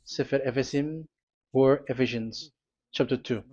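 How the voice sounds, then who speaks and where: A man preaching a sermon and reading scripture aloud. He speaks haltingly, with many restarts and fillers, and turns aside to talk to the technician. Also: mid-range voice, steady tone, a little mellow. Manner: talks to the technician between readings. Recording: dull lo-fi sound.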